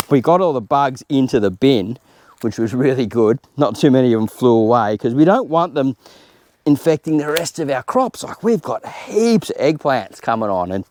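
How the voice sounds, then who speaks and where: Working in his outdoor home garden, an Australian man talks casually through a gardening tutorial, explaining each step as he goes. He has a medium-pitched, slightly mellow voice, with a bit of background noise in the recording.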